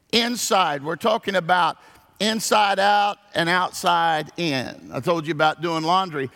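A man preaching a sermon, telling folksy stories in an animated way. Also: high voice, creaky. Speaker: pastor. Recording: long hall reverb.

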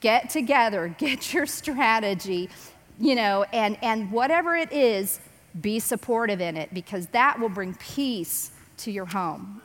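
A woman giving a casual, animated Bible teaching on parenting, acting out voices as she quotes. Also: on the high side. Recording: long reverb.

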